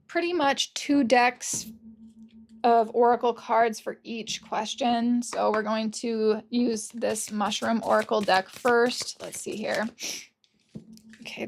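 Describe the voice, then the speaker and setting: A woman doing a casual, gentle pick-a-card tarot reading, gushing over the cards and openly emotional. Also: fairly high pitch, fairly even intonation, takes it slowly, vocal fry. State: tearful at times. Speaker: tarot reader.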